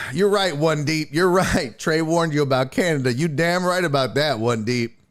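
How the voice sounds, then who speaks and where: On his casual sports talk livestream, a man with a slightly high voice talks at a moderate pace. He tells stories and rants animatedly, swearing a lot and taking questions from viewer chat.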